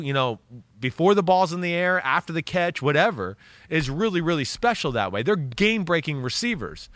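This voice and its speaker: A man talking football on a podcast, animated and blunt, swearing freely as he makes his case. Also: a little high, brisk, no room sound. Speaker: football analyst. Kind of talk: casual podcast talk.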